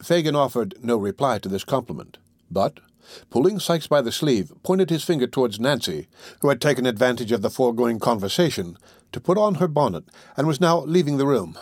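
A man narrating a classic novel in a measured, steady reading. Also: mid-range voice, no echo, studio quality. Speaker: audiobook narrator.

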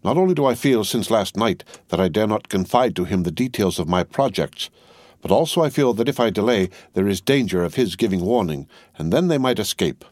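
A man reading the part of a stern, ruthless middle-aged female revolutionary, speaking in a cold, commanding, deliberate way. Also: lowish voice, expressive, a little mellow, no room sound, studio quality.

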